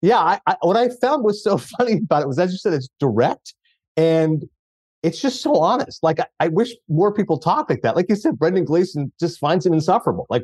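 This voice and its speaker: A man talking films as a podcast guest in casual chat, animated and laughing through his sentences. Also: a little high, fairly quick, husky, no echo. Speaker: podcast guest, film critic.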